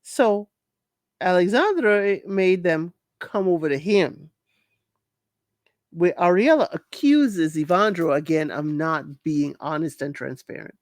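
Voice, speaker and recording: A woman's voice: lowish voice, lively intonation, slow pace, darkish tone, dry recording, clean studio sound. A woman host giving a casual, colloquial recap of a reality show, scolding the people on it directly. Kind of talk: casual commentary.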